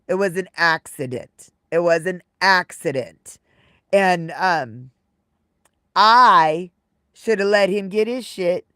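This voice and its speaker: A woman's voice: fairly low pitch, fairly bright tone, dry recording, studio quality. A woman live streamer telling casual stories to her viewers, rambling and repeating her phrases. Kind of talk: casual livestream storytelling.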